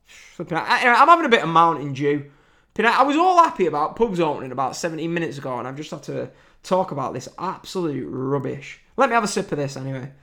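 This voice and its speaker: A man's voice: on the high side, sing-song, fast talker, gravelly. Man, late twenties, sweary rant, voice swooping up and down, casual podcast talk. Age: 20s. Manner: exasperated, sweary, swings from loud outbursts to mutters. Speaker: wrestling podcast host. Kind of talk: casual ranting commentary.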